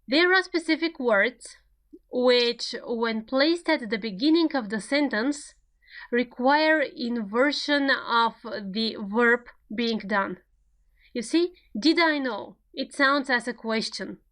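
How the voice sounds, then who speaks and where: A woman giving a recorded grammar lecture, speaking slowly and deliberately as she works through each example. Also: a little high, a bit bright. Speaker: grammar teacher.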